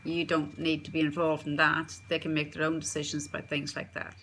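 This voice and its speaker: A woman with a notably low voice gives parenting advice in a steady instructional talk. She is earnest and circles back to repeat her key points, with a faint hiss of noise behind her. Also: a little fast. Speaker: parenting coach.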